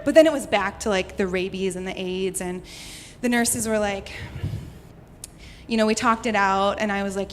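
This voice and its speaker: A woman's voice: medium pitch, normal speed. A young American woman from Houston, telling a personal story to a live audience in a chatty way, laughing often and saying "like" a lot. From United States (Houston). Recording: reverberant hall, faint noise.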